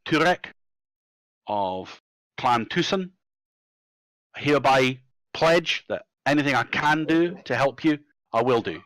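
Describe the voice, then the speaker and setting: A man's voice: mid-range voice, a bit bright, dry recording, close to an everyday voice, poor audio. Man doing a solemn Scottish dwarf clansman. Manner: formal, solemn pledging. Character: gruff honourable male dwarf clansman.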